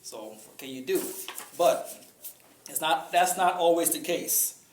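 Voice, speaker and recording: A man giving an informal talk to a group, conversational, pausing often with fillers. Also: fairly high pitch. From Chicago. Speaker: speaker. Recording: echoey room with faint ambient noise.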